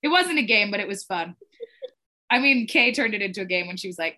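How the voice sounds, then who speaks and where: A woman's voice: mid-range voice, lively intonation, fast talker, pushed and bright. A woman hosting a casual recap podcast, leading the segments and swearing freely. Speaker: podcast host.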